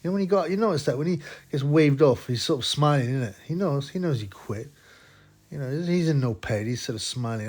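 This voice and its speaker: A man's voice: fairly high pitch, lively intonation, fairly quick, a little mellow. A man in casual, crude, mocking boxing commentary, rambling with many restarts.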